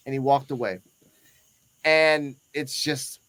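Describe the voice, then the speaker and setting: A man with a high voice tells a story in a loose, profane, animated way. He slips into the voices of the people in his tale as he goes. The sound is dry and close. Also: normal speed, dry recording, low-quality recording. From Puerto Rico. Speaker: host. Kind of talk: casual storytelling on a reaction show.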